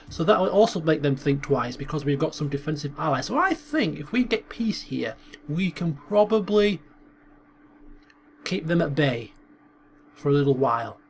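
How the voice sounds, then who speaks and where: A man hosting a strategy game video, thinking aloud in a chatty way with stumbles and small chuckles. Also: on the high side. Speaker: gaming channel host. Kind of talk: strategy game commentary with role-play asides.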